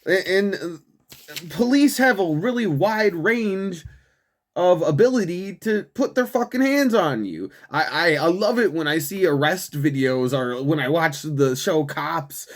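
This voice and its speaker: Young guy hosting a show, swearing a lot, laughing and mocking, voice a bit on the high side. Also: animated, a little slow. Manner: profane, laughs often, mocking. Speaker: show host. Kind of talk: ranting political commentary.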